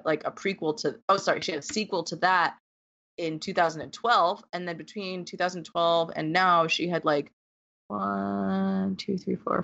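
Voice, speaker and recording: A woman with a low, creaky, fairly bright voice chats casually about books, ranting with plenty of fillers and exasperation. The recording sounds dull and lo-fi.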